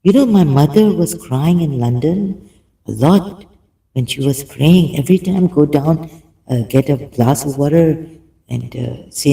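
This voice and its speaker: Slow, gravelly, dark-voiced man reading haltingly. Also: on the high side, rough recording. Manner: hesitant, many fillers and restarts. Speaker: video commentator. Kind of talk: halting reading aloud with commentary.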